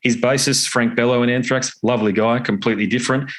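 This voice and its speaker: A man's voice: mid-range voice, fairly even intonation, quick pace, a bit bright. A man, a guitarist and podcaster chatting as a guest, telling anecdotes and laughing easily. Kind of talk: casual interview chat.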